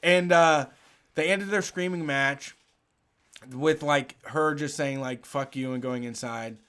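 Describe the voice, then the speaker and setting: A man hosting a casual talk show, telling a story with animated energy and frequent swearing. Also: fairly high pitch, takes it slowly, smooth. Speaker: show host. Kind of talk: casual chat.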